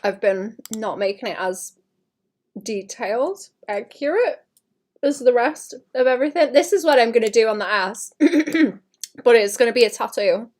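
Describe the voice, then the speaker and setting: A woman's voice: fairly high pitch, animated, unhurried, a little mellow. Chatty woman muttering while drawing. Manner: chatty, mutters to herself, frequent throat clearing. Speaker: artist livestreaming. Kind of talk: casual streaming chat while drawing.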